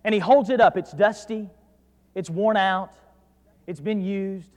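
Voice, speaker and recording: A man with a North Georgia accent preaching a sermon as pastor, dropping to quiet asides and then rising to loud, emphatic declarations. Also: high voice, fairly even intonation, measured pace. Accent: North Georgia Southern US. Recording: preached in a reverberant hall.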